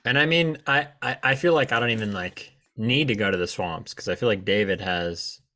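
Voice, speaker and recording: A man co-hosting a casual podcast, teasing his friends in relaxed, filler-heavy chat. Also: lowish voice, brisk. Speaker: podcast co-host.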